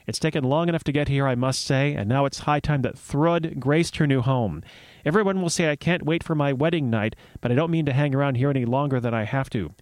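A boastful dwarf suitor, blunt and short-tempered, speaking in an even middle voice, read out by a man on a radio show. The sound is close and dry, with no room around it. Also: mid-range voice, a little fast, no echo, close to an everyday voice. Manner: testy and impatient. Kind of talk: dramatic read-aloud of a myth.

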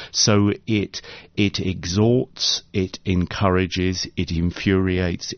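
Give me a low-voiced man talking as an author guest on a radio show, musing and articulate, with a dull lo-fi broadcast tone. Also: steady tone, slow pace, no room sound. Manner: thoughtful, articulate, with fillers and restarts. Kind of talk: radio interview conversation.

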